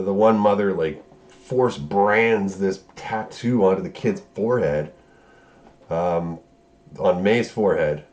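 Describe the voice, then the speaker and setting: Male reviewer, fairly low voice, casual recap full of swearing and sarcastic disbelief. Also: a little mellow, dull audio. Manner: profane, sarcastic, exasperated; incredulous outbursts. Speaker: show reviewer.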